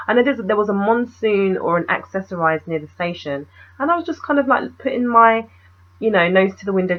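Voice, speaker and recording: A woman's voice: medium pitch, lo-fi sound. A young woman, telling a story in a casual, rambling vlog and asking the viewer questions.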